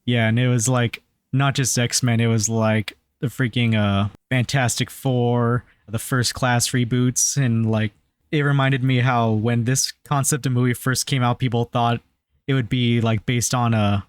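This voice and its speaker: A man co-hosting a casual movie podcast, relaxed and loose, adding trivia and casual swearing. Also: mid-range voice, a little slow, clean tone, dry recording. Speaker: podcast co-host. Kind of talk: casual movie review chat.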